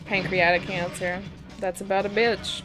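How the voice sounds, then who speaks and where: A woman's voice: medium pitch, flat delivery, normal speed. A young woman streamer rambling through casual stories while gaming, laughing often, with game music playing behind. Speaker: live streamer. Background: video game music.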